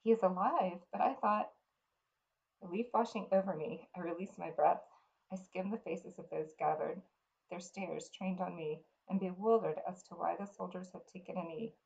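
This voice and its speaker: A woman reading a fantasy novel aloud in the first person, in an earnest, unhurried way. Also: lowish voice, fairly even intonation, creaky, mellow, muffled recording. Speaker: reader.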